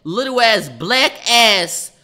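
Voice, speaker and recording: A young man telling a story on a livestream in casual chat, animated and profane, breaking off to react to viewers' comments. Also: high-pitched, slow.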